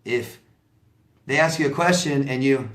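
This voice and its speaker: A man coaching in a casual monologue, blunt and conversational, with a middle-pitched voice. He comes back to his points with little asides. The room around him adds a clear, roomy echo. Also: unhurried, a bit bright. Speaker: life coach.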